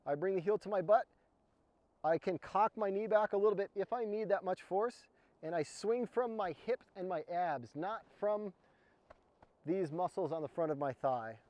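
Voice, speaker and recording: A man with a fairly high voice walks through climbing techniques one step at a time while demonstrating them. The sound is dry and close, with no room echo. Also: darkish tone. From United States. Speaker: mountaineering instructor. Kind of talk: outdoor skills demonstration. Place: snow slope outdoors.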